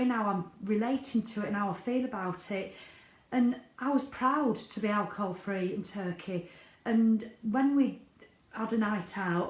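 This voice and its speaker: A middle-aged woman talking candidly in a casual video diary, swearing freely. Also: mid-range voice. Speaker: vlogger. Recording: echoey room.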